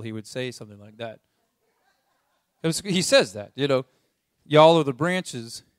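A man's voice: a little high, no room sound, studio quality. A man preaching a conversational sermon, reading scripture aloud and repeating key lines for emphasis.

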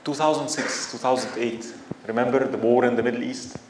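A man's voice: mid-range voice, steady tone, brisk. Impassioned male lecturer in echoey room. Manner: impassioned, rhetorical questions, rising to emphatic outbursts. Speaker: Islamic lecturer. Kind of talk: religious lecture to an audience. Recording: echoey room with faint background noise.

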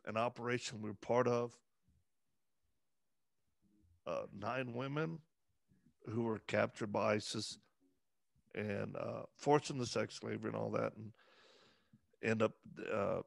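Gravelly earnest man, dry close sound. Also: mid-range voice, dry recording. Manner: earnest, halting, many fillers and restarts. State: emotional, voice breaking at times. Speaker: interview guest. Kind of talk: conversational interview.

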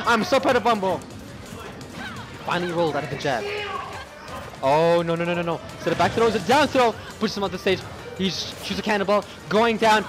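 A young Canadian man doing excited, stammering play-by-play commentary at a loud tournament, shouting over a cheering crowd. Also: high voice, moderate pace, long pauses. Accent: Canadian English. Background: crowd cheering and music.

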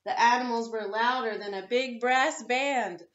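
A woman reads a picture book aloud for children at story time, gentle and playful. Her voice is fairly high and she takes it slowly. The recording is a touch muffled, with noticeable room echo. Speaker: librarian reading for story time. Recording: echoey, slightly dull room.

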